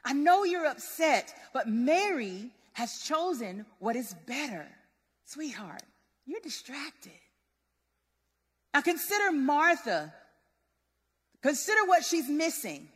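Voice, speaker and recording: Lively bright woman preacher. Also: high voice. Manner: lively, conversational, relatable. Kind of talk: sermon. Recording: long hall reverb.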